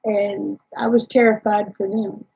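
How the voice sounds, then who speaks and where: A woman's voice: mid-range voice, flat delivery, unhurried, creaky, husky, lo-fi sound. A tired woman, rambling chattily to live chat viewers about her homestead with lots of fillers. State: tired, yawning.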